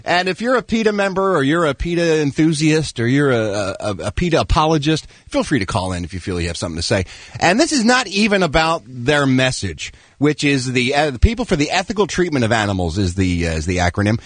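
A man's voice: fairly high pitch, big pitch swings, fast, dry recording. A man hosting a radio talk show, ranting and mocking with sarcasm.

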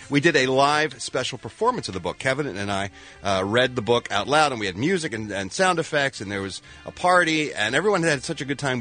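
A man co-hosting a morning radio show, telling showbiz news with jokey, animated banter. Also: medium pitch.

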